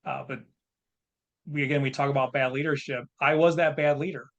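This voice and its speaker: A man's voice: mid-range voice, fairly even intonation, brisk, lo-fi sound. Frank, self-reflective man in his fifties. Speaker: guest. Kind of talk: candid podcast storytelling.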